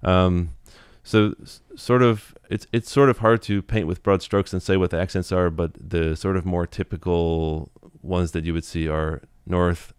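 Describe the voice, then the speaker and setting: Low-voiced man, clear and dry. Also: steady tone, unhurried, few pauses, no echo. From United States. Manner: thoughtful, explanatory, many fillers and restarts. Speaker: guest, Taiwanese language teacher. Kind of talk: casual interview.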